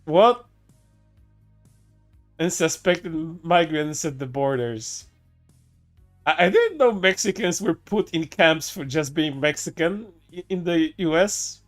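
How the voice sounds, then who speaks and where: Laughing, cursing male streamer, higher voice. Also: expressive, takes it slowly, long pauses, soft background music. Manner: profane, laughs often, stammering restarts. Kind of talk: casual reaction commentary.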